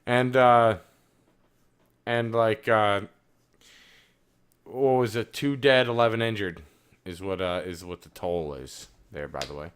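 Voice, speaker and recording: A man co-hosting a casual gaming podcast, swearing a lot and swinging between loud outbursts and low muttering. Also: slow pace, pauses often, smooth. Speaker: podcast co-host. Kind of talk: casual chat.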